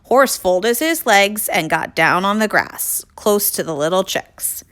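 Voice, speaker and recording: A woman reads a children's picture book aloud in a lively, sing-song voice. She speaks slowly and clearly, with plenty of rise and fall, and addresses young listeners directly. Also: medium pitch. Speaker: storyteller.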